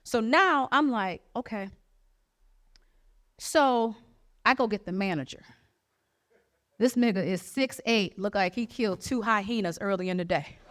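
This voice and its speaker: A woman's voice: medium pitch, measured pace, long pauses. Brash profane woman comedian. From Jackson, Michigan, USA. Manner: brash, profane, animated storytelling with acted quotes. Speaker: stand-up comedian. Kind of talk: stand-up storytelling.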